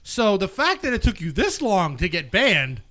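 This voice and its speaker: A man's voice: high-pitched, huge pitch swings, fairly bright tone. A man in casual chat, teasing his friend and stumbling through restarts. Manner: teasing, halting, full of restarts.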